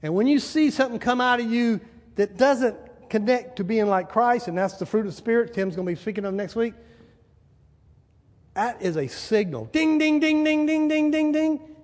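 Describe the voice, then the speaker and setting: A man preaching a sermon as a pastor, animated, asking the congregation questions and acting out little scenes. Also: sits high, moderate pace. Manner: animated, asks the crowd, acts out little scenes. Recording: hall reverb.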